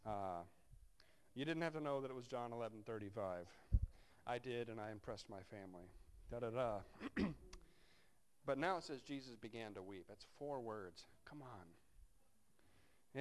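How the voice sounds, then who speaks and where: A man's voice: mid-range voice, very animated, normal speed. A man preaching a sermon, reading scripture aloud and breaking off into wry, conversational asides to his congregation. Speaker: pastor.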